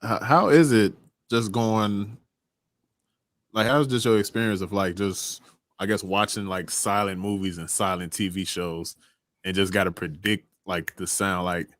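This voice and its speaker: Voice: sits low, fairly even intonation, unhurried, fairly bright tone, dry recording, clean studio sound. A podcast host asking long, rambling questions full of fillers in a casual interview.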